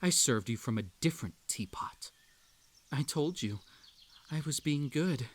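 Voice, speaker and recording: Unhinged yandere host of a tea party, played by a man for an audio role-play: clingy, sweetly menacing, unhurried delivery, voice on the higher side. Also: expressive.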